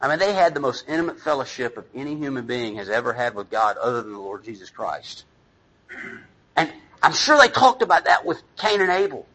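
A man's voice: mid-range voice, sing-song, a little fast, bright, forceful tone, slightly rough, rough recording. A middle-aged man, a pastor, preaching a sermon in a conversational, self-deprecating way, with asides to the congregation.

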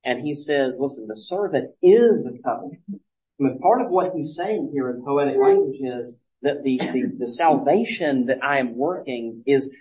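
Man, pastor, mid-pitched, teaching sermon, chatty with restarts, muffled audio. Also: lively intonation, moderate pace, warm tone. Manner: conversational, many restarts, acts out quoted lines. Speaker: pastor teaching a Bible study.

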